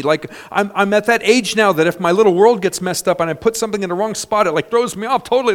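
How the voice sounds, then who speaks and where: A man's voice: high voice, a little fast, hardly any pauses. A man in his fifties preaching a sermon in an emphatic, conversational way, often asking his congregation for an amen. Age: 50s. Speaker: pastor.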